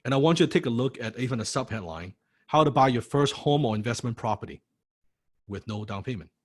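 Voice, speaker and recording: A man's voice: mid-range voice, expressive, fairly quick, husky. A man teaching a recorded course lecture in a punchy, blunt way, firing rhetorical questions and checking "right?" after each point. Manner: blunt, occasionally swears for emphasis. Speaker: course instructor.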